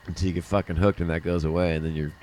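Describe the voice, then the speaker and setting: A man's voice: low voice, level tone, rapid-fire, darkish tone, a little hiss or hum. A middle-aged man hosting a livestream, telling a rambling personal story in casual chat, often laughing and swearing. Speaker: livestream host.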